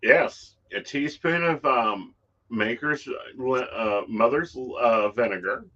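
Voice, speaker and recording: Blunt, bright-voiced man, casual chat. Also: medium pitch, slow, highs cut off. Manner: blunt, swears freely. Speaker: psychic co-host.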